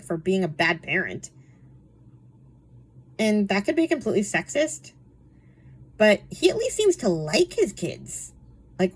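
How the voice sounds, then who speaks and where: A woman's voice: medium pitch, breathy edge. A young woman reviewing books in a casual, chatty way, full of fillers and frequent laughter. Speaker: book reviewer. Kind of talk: casual chat.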